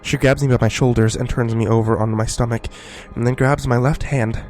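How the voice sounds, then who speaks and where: A man narrating a first-person horror story in a scripted, hushed delivery. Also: mid-range voice, steady tone, fairly quick, faint music behind.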